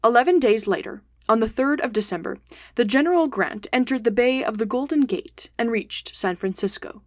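A woman podcast host reading a classic adventure novel aloud in steady, clear audiobook narration. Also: fairly high pitch, normal speed, dry recording, studio quality.

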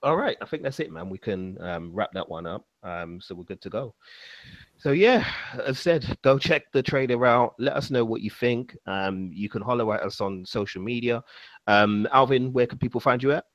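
A young man hosting a casual film podcast, relaxed and full of fillers, laughing easily. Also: medium pitch, normal speed, dry recording, lo-fi sound. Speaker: podcast host.

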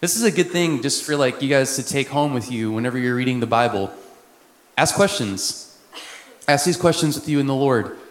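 A man from Texas, a missionary, preaching a sermon in a conversational way with quick asides. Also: mid-range voice, lively intonation. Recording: echoey hall with long reverb.

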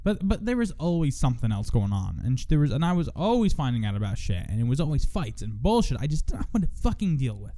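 A man's voice: mid-range voice, big pitch swings, fast, few pauses, warm tone. A young man hosting a solo podcast, venting in a profane, rambling monologue full of restarts. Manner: profane, rambling, self-interrupting. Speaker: podcast host.

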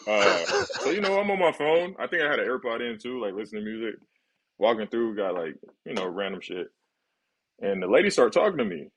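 Quick-talking husky man joking around. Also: fairly low pitch, sing-song, low-quality recording. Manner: fast joking banter. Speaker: podcast co-host. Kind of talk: casual chat.

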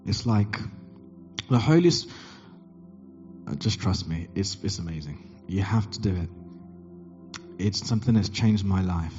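A man preaching a sermon, telling a story and acting out the dialogue with big jumps in pitch. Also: expressive, unhurried, long pauses, warm tone, dull audio, soft background music. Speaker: pastor.

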